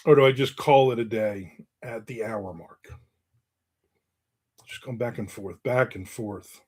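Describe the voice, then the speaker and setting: A man chatting on a livestream, drifting between viewer comments and small asides. His talk is joking and self-mocking, at a middling pitch for a man. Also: a little slow, a little mellow. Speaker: livestream host. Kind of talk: casual live chat, reading viewer comments.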